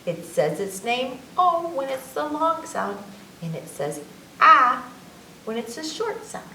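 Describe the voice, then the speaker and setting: A woman reading an alphabet book aloud at children's story time, teacherly and lively, drawing out each letter sound. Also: high-pitched, takes it slowly, gravelly. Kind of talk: slow, sing-song children's story time. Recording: echoey room, mic at a distance, faint background hum.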